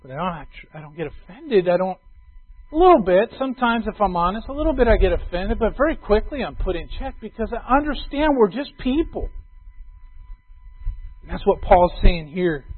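A middle-aged male pastor giving a conversational sermon, swinging between loud emphatic lines and soft quiet asides. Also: high voice, big pitch swings, moderate pace, husky, no room sound. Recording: tinny phone-like sound.

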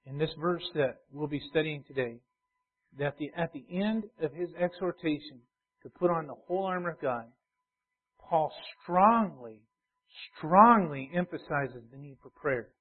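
A man's voice: fairly high pitch, a little slow, long pauses, slightly rough. A male pastor preaching a sermon, repeating key phrases and building in intensity. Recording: tinny phone-like sound.

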